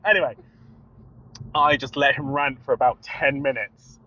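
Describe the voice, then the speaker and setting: A British man co-hosting a podcast, telling an animated story with laughter and acting out both sides of a phone call. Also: medium pitch, normal speed. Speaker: podcast co-host. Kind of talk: casual storytelling chat. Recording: dull lo-fi sound.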